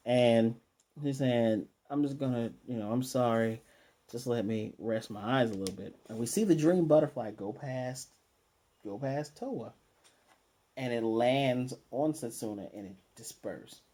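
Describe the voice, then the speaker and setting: An anime reviewer with a mellow, slightly husky, medium-pitched voice gives a casual recap of an episode in a loose, conversational style. He paraphrases what the characters say and stumbles over restarts along the way.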